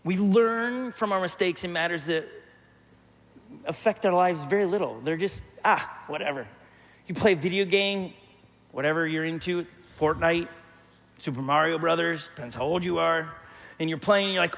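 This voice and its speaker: A man's voice: high-pitched, measured pace, creaky, fairly bright tone, big-room sound. A man preaching a sermon as a pastor, joking and telling stories while acting out the voices of people he quotes. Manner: humorous storytelling, quoting others in voices. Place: church hall.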